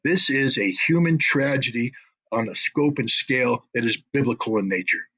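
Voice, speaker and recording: A man's voice: mid-range voice, lively intonation, normal speed, bright, forceful tone, breathy edge, low-quality recording. A man speaking as an interview guest, emotional and indignant, repeating phrases for emphasis. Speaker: guest commentator. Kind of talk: impassioned interview talk.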